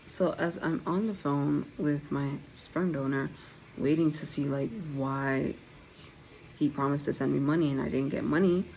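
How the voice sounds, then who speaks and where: A woman's voice: low voice, vocal fry, a little hiss or hum, poor audio. A young woman with a slight lisp, telling her own story candidly to viewers in a casual vlog. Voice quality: slight lisp from dental aligners. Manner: candid, conversational, direct to viewers. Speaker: vlogger.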